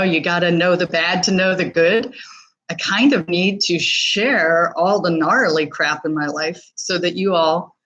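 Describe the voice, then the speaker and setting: A woman with a lowish, slightly bright voice chats casually on a live stream, reading viewer comments and speaking candidly with plenty of fillers and restarts. The recording is rough.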